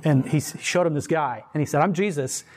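Animated man telling faith stories. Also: fairly high pitch, fast talker. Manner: emphatic, rambling, animated storyteller. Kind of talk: casual chat, storytelling.

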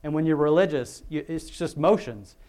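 A man's voice: fairly high pitch, moderate pace, a little mellow. Rambling, chatty male pastor. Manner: chatty, self-interrupting, many restarts and asides. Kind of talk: rambling informal sermon.

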